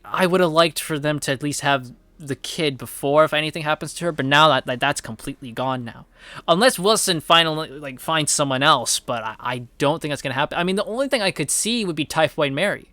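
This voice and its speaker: A young man casually reviewing a TV episode, rambling excitedly with constant swearing and fillers. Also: a little high, brisk, no room sound.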